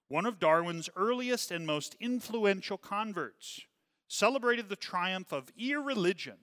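A man's voice: pushed and bright, no echo. A man teaching a religious class, reading from a text and breaking off to comment, often asking "okay?" and "right?", his volume rising and falling. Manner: volume rises and falls widely, dropping low on asides.

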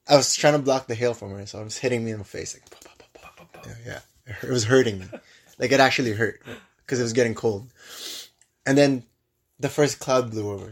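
A young man with a mid-range voice co-hosts a casual podcast. He tells a travel story animatedly, doubling back and restarting his sentences as he goes. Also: mid-range voice. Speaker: podcast co-host.

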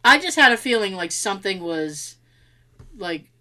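A woman's voice: mid-range voice, moderate pace. A woman in casual chat, telling a story with lots of acted-out quotes and frequent laughter. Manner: animated storyteller, acts out quotes, laughs often. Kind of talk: casual chat recapping a ghost show.

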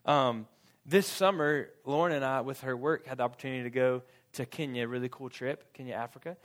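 A young male preacher with a mid-range voice tells a funny personal story during a sermon at a brisk pace. He laughs often and acts out the quotes in an animated storytelling style.

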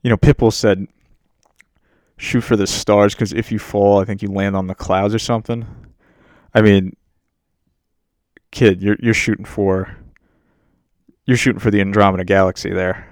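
A man's voice: on the low side, steady tone, normal speed, pauses often, no echo. Crude, rambling man, dry close sound. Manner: rambling, crude, self-mocking. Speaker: podcast host. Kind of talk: casual profane movie rant. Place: home setup while on a muted work meeting.

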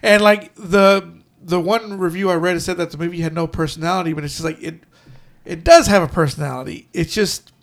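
A man's voice: sits high, brisk. A man co-hosting a podcast in casual chat, rambling with many restarts and quoting people in put-on voices. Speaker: podcast co-host.

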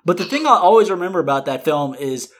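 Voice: medium pitch, fast talker. A podcast co-host ranting in casual chat, cursing and laughing at movie habits. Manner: animated, swearing rants with exaggerated quotes.

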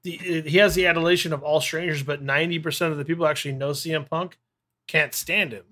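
A man co-hosting a casual podcast, chiming in with quick remarks. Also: on the high side, fairly even intonation, bright, forceful tone. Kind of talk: casual chat.

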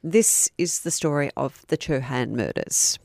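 A woman with a deep, low voice recounts a true crime case over casual podcast banter. She teases her co-host as she goes, and the sound is dry and close. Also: lively intonation, measured pace, vocal fry, darkish tone, no room sound. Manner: chatty, teasing, laughs easily. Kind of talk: casual storytelling chat.

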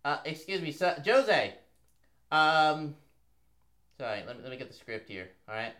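A man's voice: fairly low pitch, little pitch movement, moderate pace, sharp tone, echoey room. A man playing a fumbling British reporter. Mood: nervous. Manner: hesitant, stumbling, apologetic. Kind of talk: comic improv role-play.

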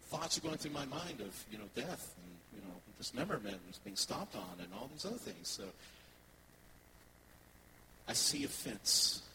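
A man, a worship pastor, preaching a sermon and telling personal stories in a conversational, animated way to his congregation. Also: mid-range voice, moderate pace, noisy background.

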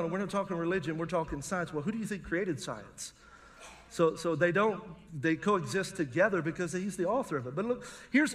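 A pastor preaching a sermon in a church service, lively and humorous, calling for responses from the congregation. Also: male voice, sits high.

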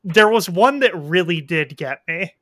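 A man chatting casually as a podcast co-host, reviewing a film in an animated, profane way and acting out his reactions. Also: high-pitched, a little slow, dry recording. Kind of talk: casual movie review chat. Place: indoors at home, rain outside.

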